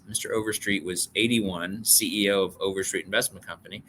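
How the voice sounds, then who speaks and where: A middle-aged man with a lowish, bright, forward voice recounts his own life with earnest feeling. A faint hum of ambience sits under the interview. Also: steady tone, fairly quick. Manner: earnest, emotional storyteller. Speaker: author guest. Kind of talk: storytelling interview talk.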